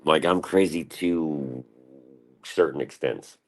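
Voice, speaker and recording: A man's voice: a bass voice, slow. A young man streaming in the morning, rambling and cursing, and talking about himself in the third person. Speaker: live streamer.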